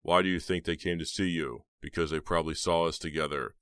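A man voicing a cold, menacing young blackmailer who speaks slowly with a sneer in an audiobook. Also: very deep voice, steady tone, fairly bright tone, no echo, clean studio sound.

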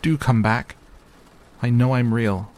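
A man's voice: low voice, normal speed, creaky, a little hiss or hum. A man voicing a timid little male toy rabbit in a storybook, wistful and pleading.

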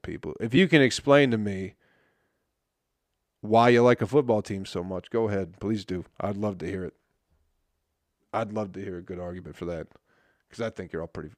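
A man with a lowish voice hosts a podcast, recorded with no room sound. His constant swearing, laughter at his own jokes, and dry throat mark a profane comedic rant.

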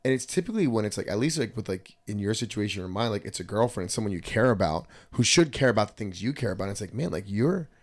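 Guy hosting a podcast, kinda low voice, swears while telling stories. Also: fast talker, hardly any pauses. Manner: storytelling, profane, animated retelling. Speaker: podcast host. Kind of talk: casual chat.

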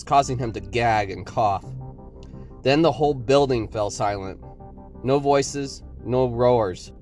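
A man's voice: mid-range voice, a little mellow. A man narrating a horror story for a podcast, building suspense with his delivery.

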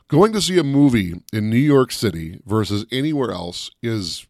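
A man co-hosting a casual chat, telling stories with lively energy and shouting out the voices of people in them. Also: mid-range voice, moderate pace, few pauses, no echo, studio quality. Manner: animated storyteller, shouts out quoted voices. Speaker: co-host.

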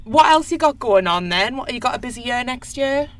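A woman's voice: fairly high pitch, animated. A woman, hosting a radio chat and laughing easily. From North East England. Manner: chatty, quick to laugh. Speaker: radio host. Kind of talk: casual chat.

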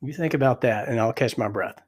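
A man hosting a devotional podcast, reading scripture slowly and reflectively while still out of breath. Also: mid-range voice. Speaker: podcast host.

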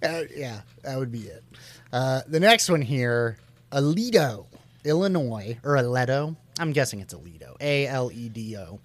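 Animated, joking male podcast host. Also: mid-range voice, moderate pace, no room sound. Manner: playful, laughs often, reads listings aloud. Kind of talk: casual comedic chat.

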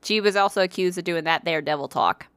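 Laid-back woman with a low, dry voice. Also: fast talker, fairly bright tone, clean tone, no echo. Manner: profane, laughs often, self-deprecating. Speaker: podcast co-host. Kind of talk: casual chat storytelling.

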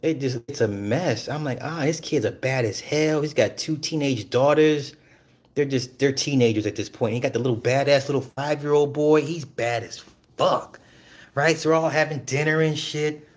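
A man ranting casually and profanely about celebrity gossip, animated and breaking into laughs. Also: mid-range voice, normal speed. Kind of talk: casual rant.

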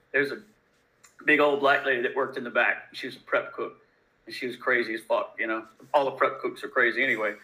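A man from Louisiana, a bartender guest telling profane, animated stories in a casual interview. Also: mid-range voice, low-quality recording. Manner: profane, animated, laid-back. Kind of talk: casual storytelling.

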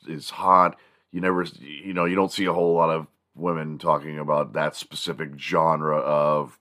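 A man's voice: low voice, fairly bright tone. A man hosting his own show in a casual solo monologue, rambling and joking crudely at his own expense. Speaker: podcast host.

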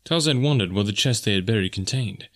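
Low-voiced male audiobook narrator. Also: lively intonation, fairly quick, a bit bright. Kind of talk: scripted story narration.

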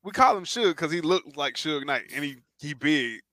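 A man's voice: on the high side, moderate pace, no echo. A man co-hosting a podcast, telling a story in casual chat and acting out the voices of the people in it. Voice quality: animated storyteller, acts out quoted voices. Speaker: podcast co-host.

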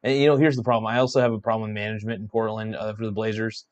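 A man's voice: lowish voice, flat delivery, very fast, darkish tone, lo-fi sound. A tired man ranting in exasperation about his basketball team, swearing and restarting his sentences as he vents. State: yawning, tired. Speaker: sports vlogger. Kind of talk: frustrated sports rant.

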